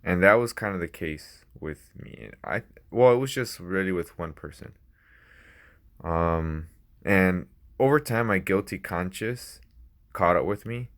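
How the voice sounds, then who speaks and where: Deep voiced guy rambling into a little mic, casual, cusses a lot. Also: animated, measured pace, fairly bright tone. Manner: rambling, laughs often, swears casually. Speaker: vlogger. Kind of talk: unscripted casual talk. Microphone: small personal mic.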